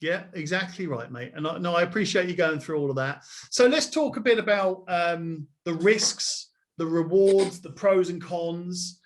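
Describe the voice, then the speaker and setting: A man's voice: high voice, moderate pace, few pauses. A man hosting a podcast, enthusiastic and encouraging toward his guest. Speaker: podcast host. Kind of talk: casual podcast interview.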